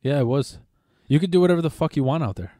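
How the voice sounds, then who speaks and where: A man's voice: fairly high pitch, quick pace, dark tone, no echo, studio quality. Rambling, profane man telling stories. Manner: rambling, profane, stammers and restarts. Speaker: podcast host. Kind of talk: casual storytelling chat.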